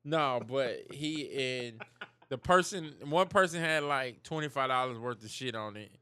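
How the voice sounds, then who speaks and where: A man's voice: mid-range voice, a little slow, bright, forceful tone, clear, resonant tone, no room sound. A man co-hosting a podcast, chatting casually in loose, profane banter and laughing often. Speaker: podcast co-host. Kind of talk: casual chat.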